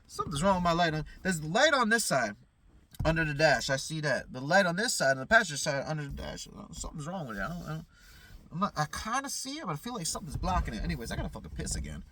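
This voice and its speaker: High, bright-voiced man ranting in a car. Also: sing-song, quick pace, slight background noise. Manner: profane, heated, rambling with many fillers. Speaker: vlogger. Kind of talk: casual storytelling to camera. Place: inside a parked car at night.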